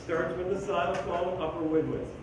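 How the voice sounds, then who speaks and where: High-voiced and even in tone, a man moves at a moderate pace through band rehearsal instruction, vocalizing rhythms on syllables and counting in the school players. The distant mic picks up room echo and background noise.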